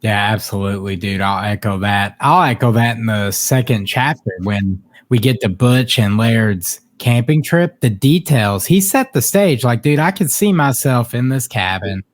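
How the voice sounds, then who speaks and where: Excited, slangy man on a book podcast. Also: medium pitch, moderate pace, hardly any pauses, no echo. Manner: excited, slangy, says dude and bro. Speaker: podcast co-host. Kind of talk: casual book discussion.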